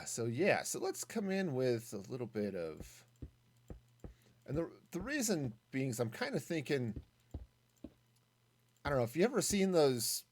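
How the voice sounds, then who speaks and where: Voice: medium pitch, a little mellow. A streamer casually thinking aloud while building in a game, reading and answering chat as they go. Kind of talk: casual gaming stream commentary.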